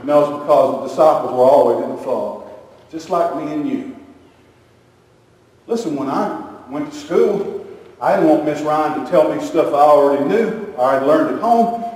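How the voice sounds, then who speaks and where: A man's voice: a little high, normal speed, darkish tone. A man preaching a sermon, telling stories with animation and acting out the voices of the people in them. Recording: echoey hall from a distance.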